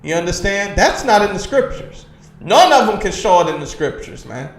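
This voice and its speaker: This preaching lecture to a streamed class comes from a man whose voice sits high and swings widely in pitch, at a moderate pace. Emphatic and insistent, he keeps asking listeners "you understand?" and saying "man." The livestream computer mic catches a reverberant room.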